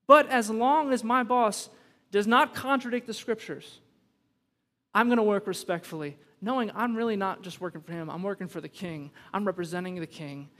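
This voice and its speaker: A high-pitched American man preaches in an emphatic, conversational way, mixing humor with growing urgency. His voice rings out with a long reverb, as if he is in a big church sanctuary. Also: a bit bright. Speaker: pastor. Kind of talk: sermon. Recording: long reverb from a large hall.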